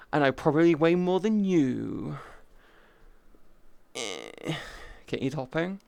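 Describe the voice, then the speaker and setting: Male VR streamer, swears and jokes with his chat, unhurried delivery with a smooth, clear tone. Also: fairly high pitch, lively intonation, a little mellow, no echo. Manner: crude, profane, joking banter; greets and thanks chat viewers. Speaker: VR livestreamer. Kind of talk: casual livestream chat.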